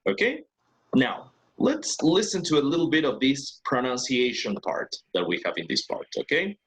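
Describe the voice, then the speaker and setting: A man's voice: medium pitch, wildly swooping pitch, moderate pace. Patient man teaching an online class. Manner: patient, explains step by step, checks with "¿ok?". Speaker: English teacher. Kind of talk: online class, mixing Spanish and English.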